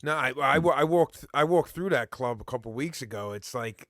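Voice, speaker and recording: A man with a bright, forward voice, miked close and dry. He chimes into the casual chat with quick questions and asides. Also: medium pitch, lively intonation, no room sound.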